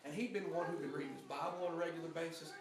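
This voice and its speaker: Young guy preaching, kinda high voice, chatty storytelling, lots of restarts, big echoey church, mic far off. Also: fairly even intonation, racing, noisy background. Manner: earnest storytelling, conversational, with frequent restarts. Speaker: pastor. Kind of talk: sermon with personal story. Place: church sanctuary.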